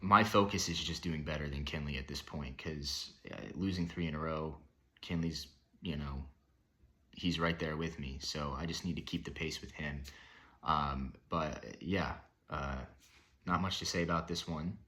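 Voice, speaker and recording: A man's voice: very deep voice, steady tone, normal speed, sharp tone. A young man giving casual, rambling fantasy league commentary, profane and ranting, with lots of fillers and restarts. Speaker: fantasy football league member reviewing the week.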